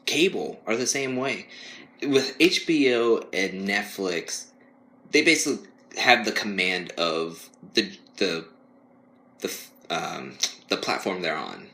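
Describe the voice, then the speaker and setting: A man's voice: fairly low pitch, big pitch swings, measured pace, sharp tone. A young man co-hosting a podcast, rambling casually and laughing often as he mocks whiny voices. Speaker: podcast co-host. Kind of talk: casual chat.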